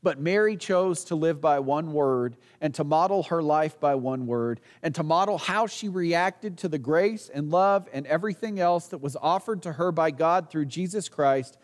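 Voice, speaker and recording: A man's voice: fairly high pitch, moderate pace, few pauses, in a large hall. A man preaching a sermon as pastor, earnest, asking the congregation rhetorical questions and sometimes restarting a phrase.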